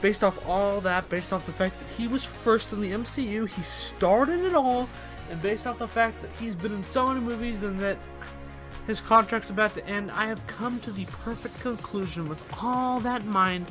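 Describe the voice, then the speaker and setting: A young man hosting a casual opinion vlog, ranting and swearing with animated energy. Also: sits high, normal speed, music in the background. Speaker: host.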